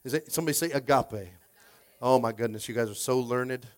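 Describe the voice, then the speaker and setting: A man delivers a sermon in an easy, talkative way, often restarting phrases and calling out to the congregation. He slips into quoted voices with shifts in pitch and loudness. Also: fairly quick. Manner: conversational, repeats words, coaxes the congregation. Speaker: pastor.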